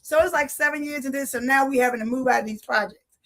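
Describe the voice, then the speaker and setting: A Philadelphia woman with a high voice talks fast while giving a personal faith testimony. She tells her story vividly, acting out the dialogue, and addresses her listeners directly like a preacher.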